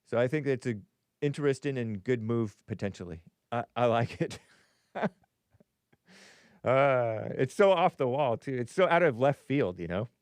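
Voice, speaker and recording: A man's voice: medium pitch, lively intonation, normal speed, no room sound. Chuckling, rambling male stream host. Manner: rambling, frequent chuckles, thinks aloud. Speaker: host of a live call-in stream. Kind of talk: casual live-stream commentary, reading viewer comments aloud.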